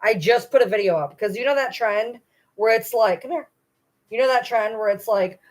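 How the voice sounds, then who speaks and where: A woman's voice: a little high, normal speed. A woman chatting casually on a livestream, rambling and cooing to her dogs between remarks, blunt and swearing now and then. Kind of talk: casual chat during a livestream.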